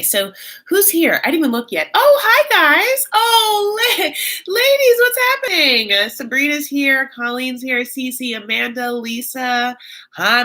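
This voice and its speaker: A woman's voice: a little high, sharp tone. A woman hosting a live reaction recap of a reality show, chatting in a gossipy, casual way, greeting viewers by name and calling them honey. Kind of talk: casual live-stream chat.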